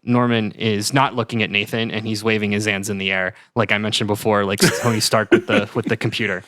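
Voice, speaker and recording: A man co-hosting a podcast, telling a story in animated casual chat and laughing often. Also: fairly low pitch, brisk, few pauses, no room sound, clean studio sound. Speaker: podcast co-host.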